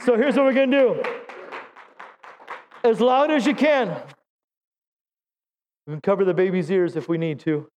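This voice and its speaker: A man's voice: sits high, normal speed, pauses often, darkish tone, a little hiss or hum. A middle-aged man preaching a Pentecostal sermon as pastor, exhorting the congregation to respond and joking at his own expense. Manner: exhorting, calls for audience response; self-deprecating humor. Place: church sanctuary.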